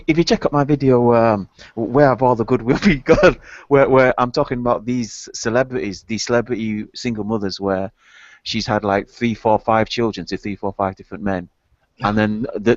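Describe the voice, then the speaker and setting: A man's voice: on the low side, no room sound. A man in casual chat, thinking aloud with many hesitations and restarts. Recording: dry, dull lo-fi audio.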